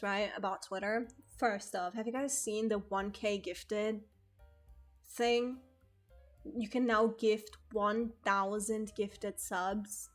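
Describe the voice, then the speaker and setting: A woman's voice: on the high side, fairly bright tone. A young woman streaming from home, chatting casually, laughing often and swearing freely. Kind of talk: casual chat.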